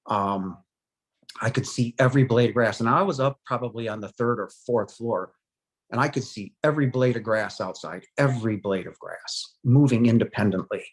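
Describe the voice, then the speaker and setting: With a mid-range voice, a near-death experience survivor in his forties recounts his personal story. He's earnest, pauses often, leans on fillers and lets his voice fall soft and hushed at times.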